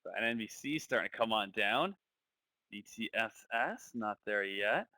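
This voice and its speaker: A man's voice: fairly low pitch, animated, moderate pace, pushed and bright, no echo. A man giving casual live commentary on a stock trading stream, thinking aloud and repeating phrases.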